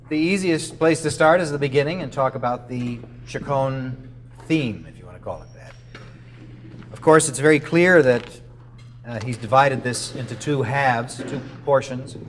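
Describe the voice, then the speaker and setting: A man's voice: medium pitch, a little hiss or hum. A man giving a masterclass to a concert band, explaining musical phrasing and singing short melodic lines to show it. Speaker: clinician. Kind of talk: masterclass coaching. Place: rehearsal room with a band.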